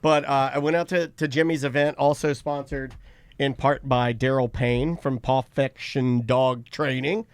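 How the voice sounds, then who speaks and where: A man's voice: medium pitch, steady tone, a little slow, clean tone, no room sound. A man co-hosting a podcast, chatting casually and telling rambling, self-deprecating stories. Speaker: podcast co-host. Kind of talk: casual chat. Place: studio.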